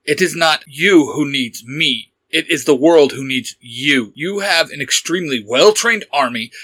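A man's voice: fairly high pitch, unhurried, pushed and bright, dry recording. A man voicing a stern young male vigilante who gives clipped, firm commands in a fan audio story.

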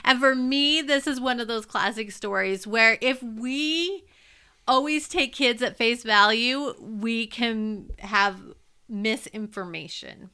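A woman teacher telling a funny classroom story in an animated way, laughing as she goes. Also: fairly high pitch, slow, clear, resonant tone. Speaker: teacher and podcast co-host. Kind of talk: personal storytelling.

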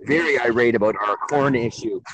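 A man's voice: mid-range voice, normal speed, over a noisy crowd, rough recording. Exasperated man telling a work story. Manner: exasperated, storytelling with acted quotes. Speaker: podcast co-host, grocery store worker. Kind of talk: casual storytelling.

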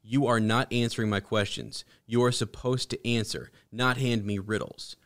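A man's voice: mid-range voice, fairly even intonation, moderate pace, a bit bright, close to an everyday voice. A man reading as a defiant young gambler. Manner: barking, demanding answers.

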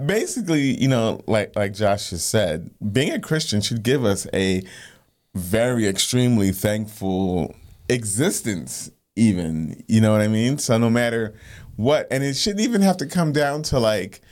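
A man's voice: fairly low pitch, expressive, a little slow, a little mellow. A man co-hosting a Christian podcast, talking casually and often asking "you know what I mean". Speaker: podcast co-host. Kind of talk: casual faith discussion.

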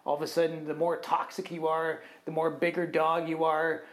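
A man's voice: on the high side, moderate pace. A man co-hosting a podcast, telling a long work story in a casual, rambling way and often tagging his sentences with "right?". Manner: animated, acts out other people's quotes; rambling with fillers like "right?" and "kind of thing". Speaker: podcast co-host.

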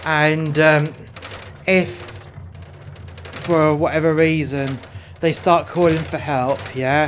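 A man's voice: on the high side, a little hiss or hum. A man in casual game role-play chat, crude and heavily profane, rambling through stories as he goes. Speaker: player in prison role-play.

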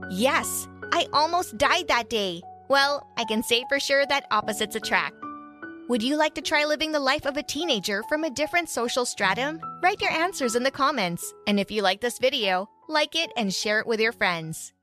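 A woman narrating a first-person story in an animated way, acting out the characters' lines. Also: high-pitched, normal speed. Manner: animated, voices characters in quotes. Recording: soft music behind.

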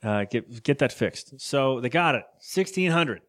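A man's voice: mid-range voice, expressive, a little slow, a bit bright. A man co-hosting a podcast, chatting casually as he recaps a cartoon episode, rambling and laughing often. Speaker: podcast co-host.

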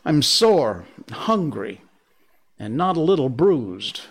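A man voicing a young boy raised in the jungle, crying out in a raised, high voice, in a storybook reading. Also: slow pace, breathy edge, heavily acted. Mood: relieved. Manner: high, excited cry.

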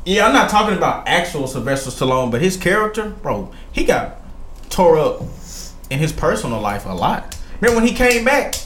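Podcast host, a man, lively storyteller acting out scenes, higher-pitched voice, echoey room with faint hum. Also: fairly quick. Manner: animated storyteller, acts out movie scenes. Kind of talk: casual chat among friends.

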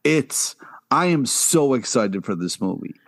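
A man's voice: medium pitch, big pitch swings, unhurried. A man co-hosting a podcast, gushing emotionally and swearing casually in casual discussion. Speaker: podcast co-host.

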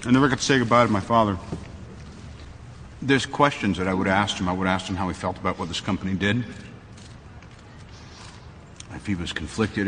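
An actor playing an earnest billionaire man speaking plainly at a press conference, in a quiet, confessional manner. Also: deep voice. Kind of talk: film dialogue. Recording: reverberant film clip with faint noise.

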